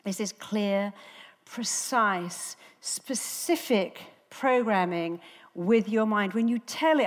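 Woman doing a lively motivational talk, mid pitch, big echoey hall. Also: slow pace. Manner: animated storytelling, acting out quoted voices. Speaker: therapist giving a talk. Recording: reverberant hall.

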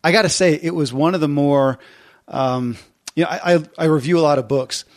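A man's voice: fairly high pitch, fairly quick. A man hosting an interview podcast, speaking in a reflective, encouraging way. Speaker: podcast host. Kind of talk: interview conversation.

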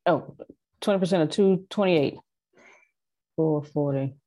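This is a woman with a slightly husky voice, taking part in an online class over a video call. She chimes in with a playful, easygoing manner. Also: low voice, measured pace, dark tone. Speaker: class participant.

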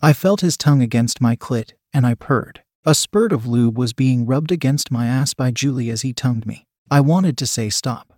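A man reads a story aloud in a steady, even voice, close to the mic. The sound is dry, with no room around it, and his pitch sits in the middle. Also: normal speed, few pauses, no echo. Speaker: story narrator. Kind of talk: scripted first-person narration.

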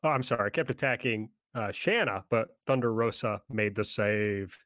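A man's voice: on the low side, normal speed, no echo, clean studio sound. A man co-hosting a podcast, reading recaps from his notes with wry asides. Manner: lively, wry, reads from notes. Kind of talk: casual chat.

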